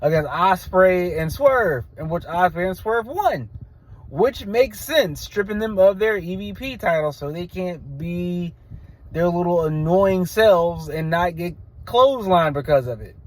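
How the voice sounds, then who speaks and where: A man's voice: sits high, animated, unhurried. Blunt rambling man reviewing wrestling. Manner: blunt, rambling, frequent restarts and stammers. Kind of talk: casual opinionated review.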